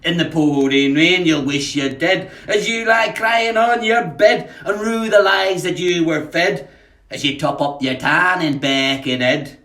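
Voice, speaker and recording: A man's voice: a little high, a little slow, bright, forceful tone. A man putting on a slight Scouse accent to recite a comic rhyming poem as a grumbling Merseyside holidaymaker, in a sing-song rhythm. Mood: mocking. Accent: put-on Scouse. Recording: echoey room, voice off-mic.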